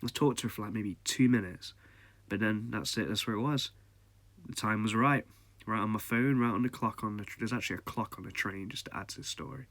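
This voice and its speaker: A man's voice: on the low side, fairly quick, a bit bright, no room sound. A man, casually telling a personal ghost story as a podcast host, chatty and often laughing.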